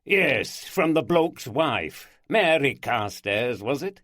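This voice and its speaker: A man's voice: medium pitch, very animated, slow, a bit bright, no echo, pitched above the performer's own voice. Hearty teasing Yorkshire police boss, raised voice, dry close sound, a male narrator doing him. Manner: hearty, chuckling.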